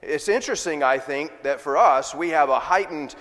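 A man's voice: fairly high pitch, normal speed, fairly bright tone. A man preaching a sermon as pastor, reading scripture and leading prayer in an earnest, emphatic way. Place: church sanctuary. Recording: long reverb of a large church hall.

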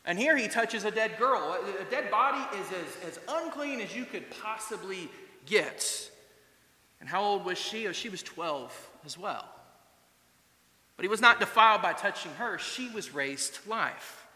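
A high-voiced, bright and forceful male pastor in his thirties, preaching a sermon. He talks earnestly and conversationally and leans on rhetorical questions. His voice rings through a large church hall with a long reverb. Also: lively intonation, a little slow.

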